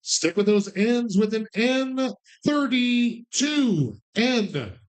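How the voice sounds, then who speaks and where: A man calling bingo numbers, drawing each call out slowly and tossing in quick, playful joking asides. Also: very high voice, animated. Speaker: bingo caller.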